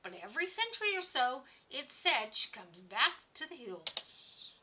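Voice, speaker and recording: A woman's voice: high voice, very animated, measured pace, noisy background, voice pushed up. A woman voicing a pompous, blustering middle-aged male innkeeper while reading game dialogue aloud. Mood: scolding. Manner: pompous, scolding.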